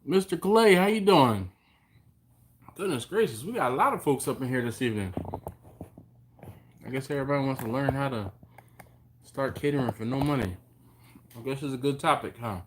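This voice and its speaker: A relaxed man talks on a live stream through his phone's mic at home, with a voice of ordinary mid pitch. He reads viewers' comments aloud in an easygoing way, greeting people by name and chuckling often. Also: normal speed, pauses often, background noise. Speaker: host of a barbecue live stream. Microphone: phone on a mount.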